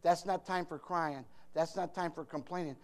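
A man preaching a sermon, talking straight to his congregation, joking with them and swinging from quiet asides to loud emphatic bursts. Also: on the high side, fairly even intonation, normal speed.

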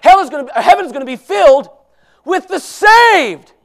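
A fervent preacher with a very high-pitched voice, swinging from shouted appeals to soft, hushed pleading. He quotes scripture in archaic wording as he urges his listeners. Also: lively intonation, normal speed, gravelly. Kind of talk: sermon.

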